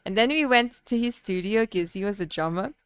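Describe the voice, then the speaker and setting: A woman's voice: medium pitch, lively intonation, brisk, fairly bright tone, smooth, dry recording, clean studio sound. Rambling young woman streamer. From Kazakhstan. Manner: rambling, heavy on fillers like "like" and "you know". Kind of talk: casual storytelling on a livestream.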